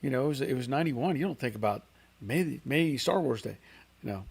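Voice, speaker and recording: A man's voice: medium pitch, expressive, fairly quick, creaky, a little mellow, breathy edge. A middle-aged man hosting a car channel livestream in casual, rambling chat, reading out viewer comments.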